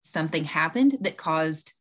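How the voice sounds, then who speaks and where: A woman with a somewhat low voice tells a story from her home health job. She talks conversationally on a podcast, earnest and explanatory, restarting sentences and using fillers as she thinks. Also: animated, moderate pace.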